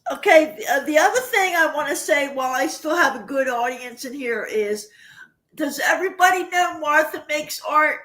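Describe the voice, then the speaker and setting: This is an older woman chatting on a livestream with a high, very animated voice. She talks casually and rambles as she tells personal stories. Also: normal speed. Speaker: livestream host. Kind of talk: casual chat with viewers.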